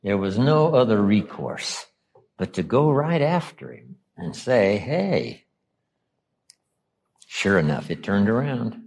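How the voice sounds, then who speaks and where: Man, from the US, motivational speaker, husky, lively pitch, acts out quotes. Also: unhurried. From United States. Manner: animated, acts out quoted lines, drops low for emphasis. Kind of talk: motivational seminar talk.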